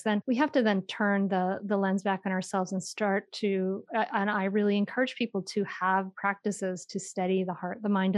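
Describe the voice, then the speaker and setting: A woman who teaches mindful parenting, talking in a quick, expressive way and laughing often as she explains. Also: medium pitch, no echo. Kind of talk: animated conversational explaining.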